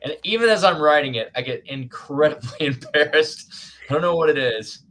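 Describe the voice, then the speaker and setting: A man's voice: a little high, animated, moderate pace, a bit bright. Rambling, laughing male host. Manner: rambling and self-conscious, laughing often, with many restarts. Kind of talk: casual live-stream chat.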